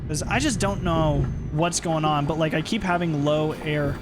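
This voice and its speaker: A young man streams a driving game, chatting casually with viewers and reacting aloud to the road. His voice is a little high at normal speed, with game music playing behind him.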